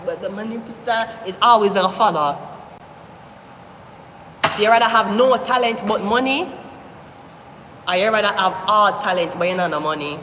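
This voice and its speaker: A woman giving a live-stream tarot reading, talking straight to the viewer in an animated, rambling way, often cursing. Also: medium pitch, normal speed, pauses often. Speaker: tarot reader. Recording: echoey room with long reverb, faint hiss.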